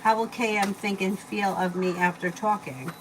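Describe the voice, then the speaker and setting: A woman's voice: medium pitch, steady tone, normal speed. A woman giving a live-stream tarot reading, reading out viewer questions and answering casually with fillers. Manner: reads viewer questions aloud, then answers loosely with fillers. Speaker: tarot reader. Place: home. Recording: noisy home recording.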